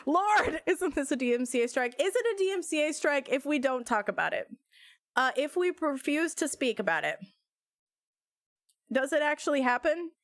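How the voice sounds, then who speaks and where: A young woman streamer chatting casually with her viewers in a bubbly, giggly, excitable way. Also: sits high, moderate pace, no room sound, studio quality. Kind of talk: casual live-stream chat.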